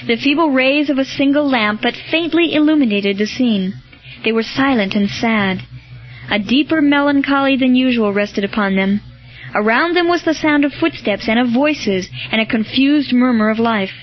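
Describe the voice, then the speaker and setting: A woman narrates a storybook in a measured, even manner. Her voice is fairly high. The recording sounds dull and lo-fi, with faint music behind her. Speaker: audiobook narrator. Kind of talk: scripted narration.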